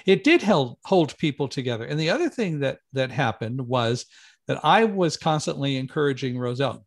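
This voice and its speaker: A middle-aged man telling a personal story as an interview guest, lively, acting out quoted lines with raised voice. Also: normal speed, gravelly. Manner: animated, raises pitch and volume for quoted lines. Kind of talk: conversational storytelling.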